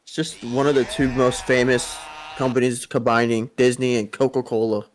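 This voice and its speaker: A man's voice: medium pitch, level tone, moderate pace. A man co-hosting a wrestling podcast, chatting in an easygoing, agreeable way. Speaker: podcast co-host. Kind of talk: casual chat.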